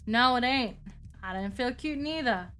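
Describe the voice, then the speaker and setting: A woman voicing a lonely ancient female vampire who speaks in a haughty, archaic, calmly menacing way. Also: fairly high pitch, measured pace, faint music behind. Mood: defensive.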